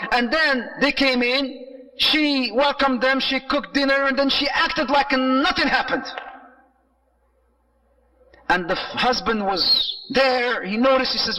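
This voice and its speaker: A man giving an Islamic lecture, telling stories in an animated way and mixing Arabic phrases into his English. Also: very high-pitched, fairly quick, recorded from a distance, rough recording. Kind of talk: sermon-style lecture.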